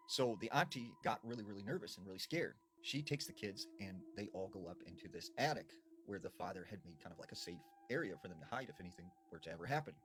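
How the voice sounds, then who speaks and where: Low-voiced guy telling a creepy story, hushed and dramatic, faint background hum. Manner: hushed, dramatic, lots of "you know". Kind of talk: spooky storytelling.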